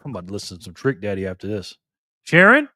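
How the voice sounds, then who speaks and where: A middle-aged man hosting a casual live stream, lively and teasing, laughing often as he reacts to chat. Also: low-pitched, racing, no echo.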